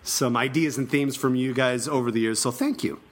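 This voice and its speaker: A man's voice: medium pitch, steady tone, normal speed, a little hiss or hum. A man co-hosting a podcast, reading a guest introduction and chatting casually with frequent laughs. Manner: reads introductions, laughs often. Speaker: podcast co-host.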